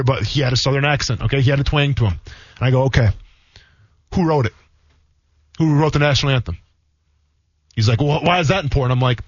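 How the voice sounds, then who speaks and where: A man's voice: medium pitch, no echo. A man in his thirties, a former football player co-hosting a sports radio show, telling stories in a rambling, casual way full of fillers. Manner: rambling, fast, many "like" fillers. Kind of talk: casual radio chat, storytelling. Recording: dull lo-fi radio sound.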